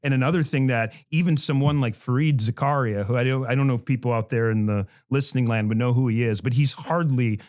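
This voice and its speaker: A middle-aged man at an everyday mid pitch talks like a professor thinking out loud. His sentences keep breaking off and restarting as he wanders into asides, and he chuckles between points. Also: fast talker, few pauses. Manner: rambling, many restarts and asides, chuckles while talking. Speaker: history professor on a faculty podcast. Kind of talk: casual panel discussion.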